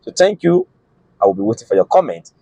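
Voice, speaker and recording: A man's voice: on the high side, big pitch swings, quick pace, gravelly, dark tone, husky, no echo, low-quality recording. Man explaining a chanted verse. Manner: informal, repeats phrases, many fillers. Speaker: channel host.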